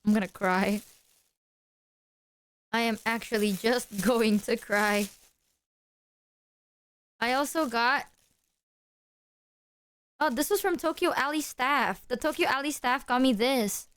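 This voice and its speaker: A woman streamer chatting to her viewers, excitable and apologetic as she shows off gifts. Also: fairly high pitch, unhurried, pauses often, clear, resonant tone. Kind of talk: casual stream chat to viewers.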